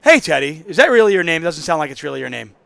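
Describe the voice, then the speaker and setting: A man's voice: fairly high pitch, big pitch swings, quick pace, vocal fry, pushed and bright. A man hosting a casual call-in poker podcast, telling stories in a chatty, rambling way. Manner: chatty, storytelling, self-interrupting. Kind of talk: casual solo call-in show talk.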